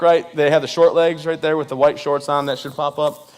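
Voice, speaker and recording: A man's voice: fairly high pitch, flat delivery, fairly quick, clean tone. A man in his thirties giving a joking speech to a live audience, playfully acting out the voices of people he quotes. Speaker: event speaker.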